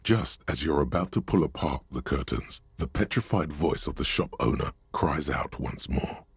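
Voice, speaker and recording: Game narrator, brooding and ominous: very deep, gravelly, husky, dry close sound. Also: male voice, expressive, normal speed, no echo, exaggerated voice. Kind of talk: video game voice acting.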